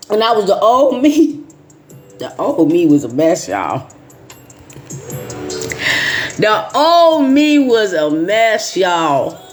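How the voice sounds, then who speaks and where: Emphatic woman host with faint music. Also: a little mellow. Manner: emphatic, repeating phrases, dropping to low asides. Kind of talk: casual chat.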